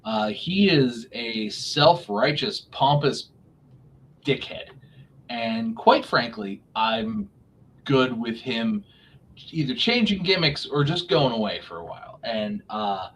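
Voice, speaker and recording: A man's voice: mid-range voice, very animated, takes it slowly, fairly bright tone, a little hiss or hum. A man co-hosting a podcast, ranting in a casual, profane way and mocking others in put-on voices. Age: young adult or middle-aged. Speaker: podcast co-host. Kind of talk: casual chat. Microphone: remote podcast mic.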